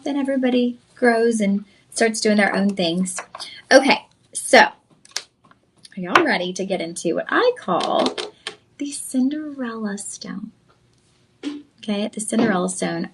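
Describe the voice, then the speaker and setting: A woman's voice: mid-range voice, noisy background. Chatty woman hosting a jewelry sale. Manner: chatty, enthusiastic, addresses viewers directly. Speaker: shopping channel host. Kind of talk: live sales presentation.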